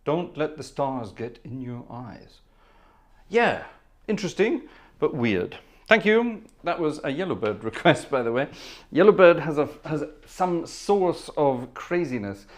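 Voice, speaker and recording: A man's voice: fairly high pitch, big pitch swings, measured pace. A man hosting a home organ livestream, chatting casually and greeting viewers by name with jokes, wearing headphones. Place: home music room.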